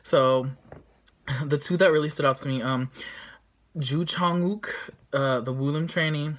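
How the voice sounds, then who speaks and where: A woman chatting casually as she recaps and reviews a show episode, talkative and full of fillers, with lively reactions. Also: low voice, unhurried.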